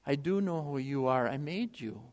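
A man voicing God as a grave, solemn judge who speaks quietly. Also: mid-range voice, expressive, normal speed, long reverb tail, natural voice.

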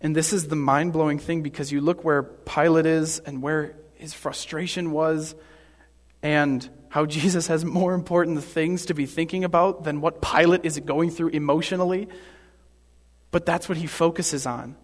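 A man's voice: a little high, fairly even intonation, moderate pace. Earnest preacher man in an echoing hall. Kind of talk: sermon.

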